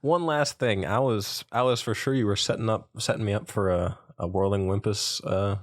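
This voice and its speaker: A man's voice: fairly low pitch, moderate pace. A man co-hosting a casual podcast chat, rambling and hesitant with lots of fillers. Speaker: podcast co-host.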